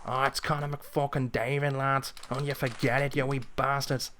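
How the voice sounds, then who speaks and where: A man's voice: medium pitch, level tone, normal speed, a bit bright, slight background noise, pitched above the performer's own voice, lightly acted. A man putting on a cocky Irish accent as a brash, taunting fighter, swaggering as he mocks. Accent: put-on Irish.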